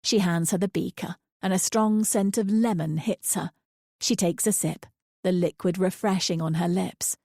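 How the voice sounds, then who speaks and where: Woman narrator for a thriller audiobook, measured and quiet, gravelly fry, dry close mic. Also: on the low side, fairly even intonation, no room sound.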